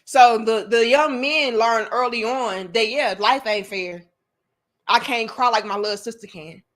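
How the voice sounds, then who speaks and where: A woman's voice: on the high side, measured pace, a bit bright. A woman in her thirties hosting a live commentary stream, talking bluntly and with emphasis and swearing freely as she tells personal stories to her chat. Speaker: commentary channel host.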